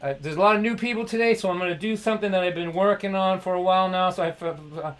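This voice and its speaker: A middle-aged man, telling a comic story on a livestream. His voice sits fairly high for a man. He talks in a chatty, self-deprecating way. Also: quick pace, fairly bright tone. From Lynn, Massachusetts. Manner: conversational, self-deprecating, ribbing. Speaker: storyteller performer.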